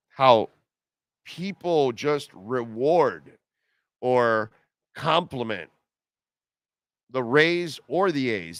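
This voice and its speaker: A man with a fairly high, slightly bright voice hosts a live sports radio show from a car dealership. He rants sarcastically and reads out listener comments. The recording has no room sound.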